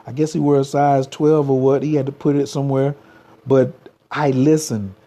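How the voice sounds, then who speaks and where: A man's voice: mid-range voice, steady tone, normal speed, dark tone. A man, giving a motivational livestream talk as a spiritual coach, repeating slogans and urging viewers to type them.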